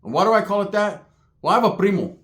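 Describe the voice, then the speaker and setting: A man's voice: sits high, animated, fast, a bit bright. A man telling a street story in a casual, profane way, laughing and acting out the people in it. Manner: streetwise, profane, laughing, acts out other voices.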